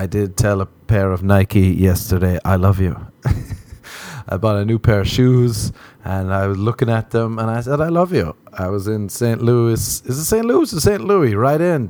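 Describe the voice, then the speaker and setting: A young Irish man hosting a podcast, rambling through a comic, self-mocking monologue and sliding into high mock voices. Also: darkish tone. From Ireland. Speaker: podcast host. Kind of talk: casual comedic monologue.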